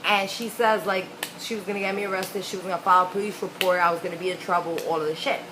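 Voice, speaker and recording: A woman's voice: on the low side, fairly even intonation, quick pace, background noise. A young adult woman telling a childhood story in a frank, casual, profane way. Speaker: vlogger.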